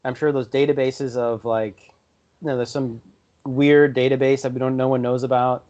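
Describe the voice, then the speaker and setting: A young man co-hosting a podcast, talking in a relaxed, offhand way and swearing casually. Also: mid-range voice, moderate pace. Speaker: podcast co-host. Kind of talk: casual chat. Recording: dull lo-fi podcast audio.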